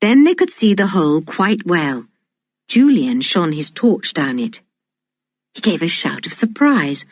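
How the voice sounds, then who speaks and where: A woman reading a children's adventure audiobook aloud in a slow, deliberate and expressive way. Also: on the low side, no room sound, clean studio sound. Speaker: audiobook reader. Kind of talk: storybook narration.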